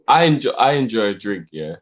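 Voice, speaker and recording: Deep-voiced laid-back man. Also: sing-song, brisk. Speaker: fan show co-host. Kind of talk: casual football banter. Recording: dull sound.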